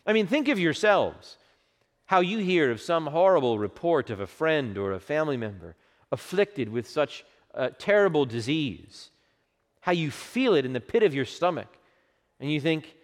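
Impassioned preacher in a reverberant hall. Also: male voice, a little high, very animated, normal speed. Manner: impassioned preaching, hushed quotes, swelling emphasis. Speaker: pastor. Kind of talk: sermon.

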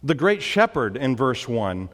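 A male pastor preaching a sermon emphatically, rising on pleas and dropping low for asides, in a church. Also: big pitch swings, unhurried, fairly bright tone, big-room sound.

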